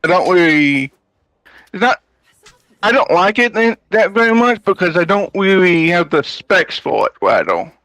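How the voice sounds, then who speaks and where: Non-native english guy, kinda hesitant, higher voice, dry sound. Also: very animated, sharp tone, no room sound. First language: not English. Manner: hesitant, halting. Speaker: guest on stream. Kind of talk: casual chat.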